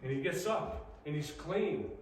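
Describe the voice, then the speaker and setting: A male pastor delivers a sermon with lively, animated preaching and acts out the people in his stories. His voice sits at an ordinary pitch. The sound is very echoey and picked up from a distance, with a faint room hum behind him. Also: a little slow.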